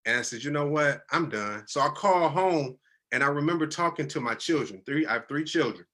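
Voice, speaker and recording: Man, 30s, bright voice, earnest storyteller, teary-eyed, casual and heartfelt. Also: on the high side, lively intonation, fairly quick. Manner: earnest, conversational, drops into quoted voices. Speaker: guest telling his life story. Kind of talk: emotional personal storytelling.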